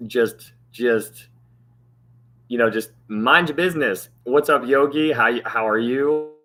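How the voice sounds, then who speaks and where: A man's voice: fairly low pitch, fairly bright tone. A man hosting a livestream Bible study, chatting casually and thanking viewers by name, his voice strained and cutting out. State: strained voice that cuts out.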